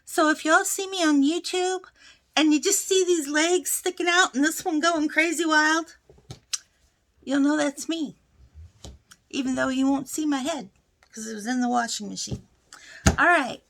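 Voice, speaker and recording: A woman's voice: sits high, creaky, a bit bright. A middle-aged woman chatting to camera as a crochet vlogger, telling stories in a folksy way with frequent laughs and asides. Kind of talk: casual chat to camera.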